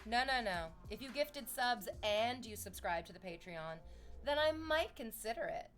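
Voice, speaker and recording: A woman's voice: a little high, expressive, normal speed, soft background music. A woman streamer chatting casually and playfully with her viewers, swearing now and then. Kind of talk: casual livestream chat.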